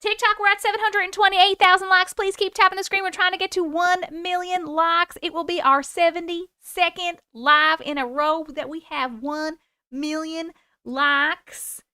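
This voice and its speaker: A woman's voice: very high-pitched, steady tone, moderate pace, sharp tone, no echo, clean studio sound. A woman in her forties hosting a livestream, chatting with viewers and reading their stories aloud in a bubbly, casual way. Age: 40s.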